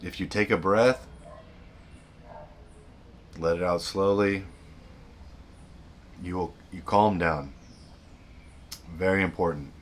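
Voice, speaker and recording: A man's voice: low voice, slow pace, pauses often, slight background noise. A man hosting a self-help video, giving earnest unscripted advice, often repeating and restarting his sentences.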